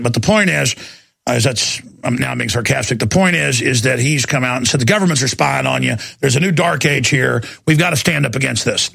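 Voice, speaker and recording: Male talk radio host, slightly high, gravelly fry, rambling and sarcastic, studio mic. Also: normal speed, bright, forceful tone, no room sound.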